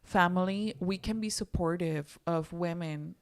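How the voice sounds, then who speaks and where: A woman's voice: on the low side, unhurried. A woman hosting a podcast in a casual, chatty way, switching into now and then. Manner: chatty, friendly, code-switches into Spanish. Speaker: podcast host. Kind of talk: casual interview chat.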